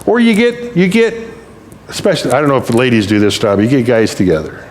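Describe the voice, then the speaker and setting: A man's voice: medium pitch, big pitch swings, fast. A male pastor giving a conversational, humorous sermon and acting out little quotes.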